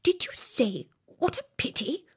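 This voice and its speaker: Jittery storybook rabbit, breathy and hushed, pitch jumping around, done by a woman. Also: sing-song, measured pace, exaggerated voice. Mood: nervous, hushed. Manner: hushed, nervous, whispering. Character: timid anxious male rabbit.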